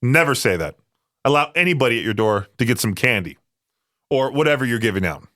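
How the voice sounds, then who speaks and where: A young man from Idaho talks casually as a radio DJ, rambling from one thought to the next and laughing often. His voice sits at an ordinary middle pitch, and the studio sound is dry and close. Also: very animated, brisk, sharp tone, no echo. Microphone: studio microphone.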